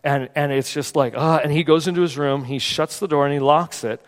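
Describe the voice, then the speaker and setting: A man preaching a sermon in a church, telling a personal story in an animated, conversational way. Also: a little high, brisk. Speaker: pastor. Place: church sanctuary. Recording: long hall reverb.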